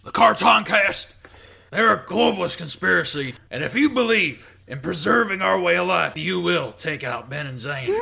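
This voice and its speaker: Brief: gravelly, raspy conspiracy announcer man, high and sharp, over-the-top promo rant, put on by a podcast host. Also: expressive, normal speed, exaggerated voice.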